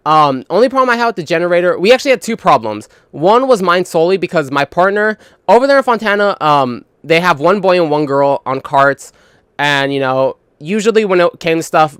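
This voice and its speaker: A man's voice: a little high, fairly bright tone, clean tone, dry recording, studio quality. A young man telling work stories in a casual, profane, rambling monologue full of fillers and retold dialogue. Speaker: gaming channel host.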